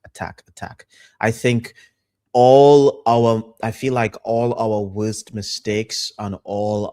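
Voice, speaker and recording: Emphatic low-voiced man on a call. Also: darkish tone, dry recording, clean studio sound. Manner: emphatic, repeats phrases, many fillers. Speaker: podcast panelist. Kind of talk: casual football podcast chat.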